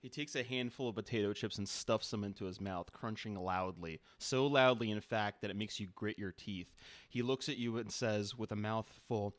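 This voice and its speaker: A man's voice: lowish voice, normal speed, fairly bright tone, no room sound. A man hosting a stream, improvising a second-person story in a dry, playful way.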